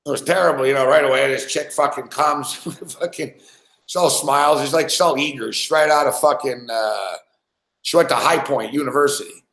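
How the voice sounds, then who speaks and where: A man's voice: medium pitch, normal speed, a bit bright. A man rambling through a crude story, swearing constantly and stuffing his sentences with fillers. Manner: rambling, profane, lots of "like" and "fucking". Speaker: podcast host. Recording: echoey room.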